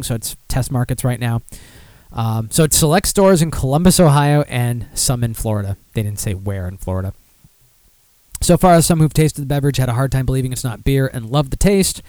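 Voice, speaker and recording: A man's voice: medium pitch, warm tone, no echo. A young adult man hosting a casual beer podcast, rambling and swearing, with lots of fillers as he reads news stories aloud. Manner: rambling, profane, self-deprecating, many fillers. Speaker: podcast host.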